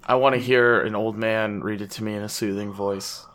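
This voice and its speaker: Bright-voiced joking crude co-host guy. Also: fairly low pitch, steady tone, moderate pace. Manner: joking, crude, laughs often. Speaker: podcast co-host. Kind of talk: crude casual chat.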